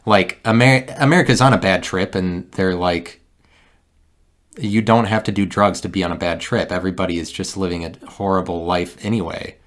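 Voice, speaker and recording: A man hosting a solo podcast, talking in a meandering, halting way with many restarts and a wry, self-mocking streak. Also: sits low, fairly even intonation. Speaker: podcast host. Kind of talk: rambling solo podcast monologue.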